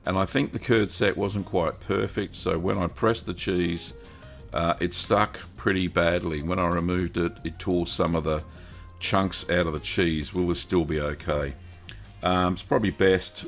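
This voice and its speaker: A relaxed Australian man hosts a live question-and-answer stream, ambling through his answers in a deep, gravelly voice. He greets viewers by name in a folksy way. Faint music plays under him. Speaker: host of a cheese-making livestream.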